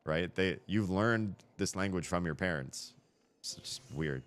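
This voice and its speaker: A man's voice: low voice, measured pace, a bit bright, soft background music. A man hosting a live stream, rambling through casual chat and correcting himself as he thinks aloud into a headset mic.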